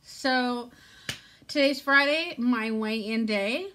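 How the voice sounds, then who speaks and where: An older woman from Southern California chats to camera while seated at home, wandering off on tangents and laughing at herself. She talks slowly in a fairly high, slightly bright voice, captured by a phone or camera.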